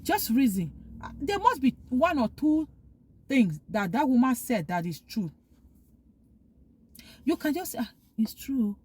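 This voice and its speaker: A woman's voice: sits high, big pitch swings, a little slow, long pauses, a little mellow, husky. A woman vlogger talking earnestly, giving heartfelt advice and repeating her points for emphasis. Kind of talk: casual opinion monologue.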